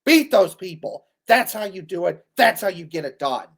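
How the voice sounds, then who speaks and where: A man's voice: sits high, sing-song, normal speed, creaky, a bit bright, husky. A man in his thirties ranting bluntly in an exasperated, scolding commentary. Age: 30s. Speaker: sports commentator.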